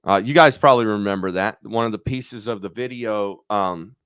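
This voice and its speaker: Low-voiced guy rambling on his vlog, swears a lot, dry close sound. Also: normal speed, fairly bright tone, clear, resonant tone, no echo. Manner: rambling and profane, thinking aloud. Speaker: YouTube channel host. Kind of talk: casual rambling vlog chat.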